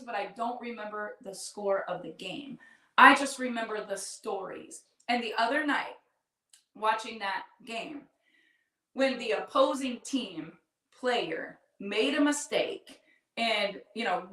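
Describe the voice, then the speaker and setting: A middle-aged woman with a fairly high voice tells her own story earnestly and from the heart. She talks straight to her listeners as a podcast host. The sound is roomy and echoey, picked up from a distance. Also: pushed and bright. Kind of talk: personal storytelling to an audience. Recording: echoey room, distant mic.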